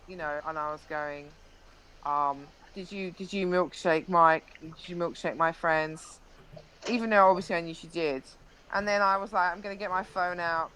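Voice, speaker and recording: A woman's voice: on the low side, a bit bright, slight background noise, rough recording. A young woman, a live-stream interview guest, animatedly recounting an incident with frequent restarts.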